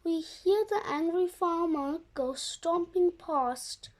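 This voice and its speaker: Young reader, children's book read-aloud, very high voice, slow and careful. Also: darkish tone. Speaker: storybook reader.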